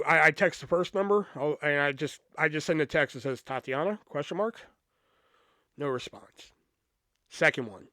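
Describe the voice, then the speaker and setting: A man's voice: a little high, fairly bright tone, dry recording, clean studio sound. A young man hosting a podcast, telling a personal story in a casual, profane, rambling way with frequent restarts. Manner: profane, rambling, lots of restarts and "you know". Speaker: podcast host.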